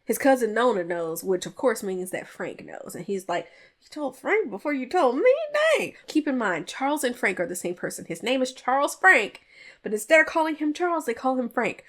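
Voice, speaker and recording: A woman hosting a podcast, casually recapping a movie in a chatty, animated way with playful jabs. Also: on the high side, normal speed. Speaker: podcast host reviewing a film. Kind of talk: casual chat.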